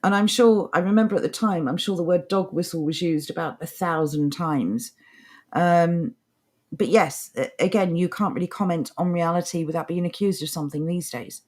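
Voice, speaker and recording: A woman with a lowish, somewhat dark voice co-hosts a podcast at normal speed. She reads articles aloud and responds with sarcastic, mocking remarks in casual conversation.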